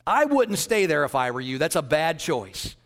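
A man's voice: on the high side, very animated, moderate pace, big-room sound, pitched below the performer's own voice. A man voicing a negative, know-it-all woman beautician who scoffs and dismisses everything. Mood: dismissive.

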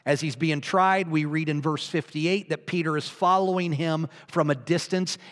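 A man preaching a sermon, earnestly retelling a story and swinging from soft to emphatic. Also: fairly high pitch, big-room sound.

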